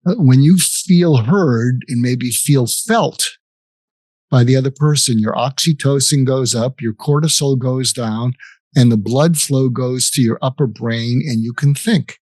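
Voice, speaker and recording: A man's voice: mid-range voice, a little slow, darkish tone, no room sound. An older man, a psychiatrist guest in an interview, explaining techniques earnestly and acting out example conversations. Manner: earnest, acts out example dialogues, many restarts.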